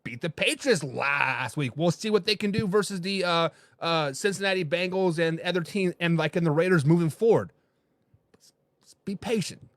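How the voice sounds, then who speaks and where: A man hosting a casual sports talk show, reading viewer comments and asking his co-host questions in an animated way. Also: fairly high pitch, normal speed, hardly any pauses, no room sound, clean studio sound.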